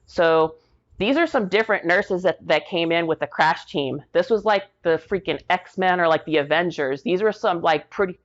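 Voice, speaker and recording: A woman's voice: fairly low pitch, moderate pace, highs cut off. A middle-aged woman guest telling a personal story with strong feeling. She talks casually, full of fillers, and acts out the quoted dialogue. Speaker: podcast guest.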